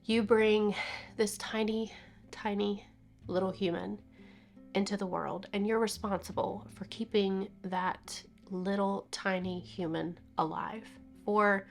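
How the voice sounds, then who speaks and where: A woman in her fifties speaks to her camera in a personal vlog, her voice teary and sniffly as she laughs and cries at once. She keeps slipping into soft whispers and then brightening again, with faint music in the background. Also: medium pitch, gravelly. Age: 50s. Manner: tearful, laughing and crying at once, breaking into whispers. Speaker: vlogger.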